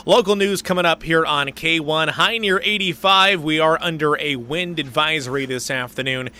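A male radio host wraps up a segment and reads the weather. His voice is bright and slightly high. His manner is easygoing. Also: moderate pace.

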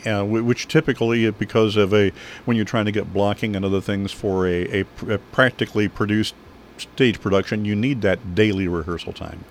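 A man hosting an interview, who talks in a measured, halting way with many fillers and restarts. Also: fairly low pitch, fairly even intonation, slight background noise. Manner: measured, hesitant, full of fillers. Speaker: interview host. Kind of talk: conversational interview.

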